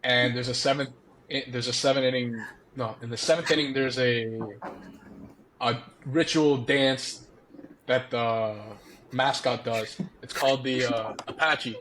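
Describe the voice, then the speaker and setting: A man's voice: medium pitch, fairly even intonation, measured pace, a bit bright, a little hiss or hum. A young man, a former college baseball player, animatedly telling a story as a podcast guest, often laughing. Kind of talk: casual storytelling.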